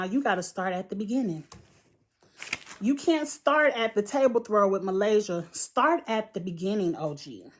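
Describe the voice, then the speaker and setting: A woman's voice: medium pitch, a little mellow. A woman reviewing a reality show in a blunt, heated, profane rant. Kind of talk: ranting commentary vlog.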